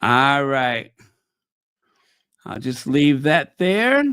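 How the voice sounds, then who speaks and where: A man hosting a casual livestream, excitable, greeting viewers by name and laughing often. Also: medium pitch, very slow, background noise. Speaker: livestream host. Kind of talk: casual live-stream chat.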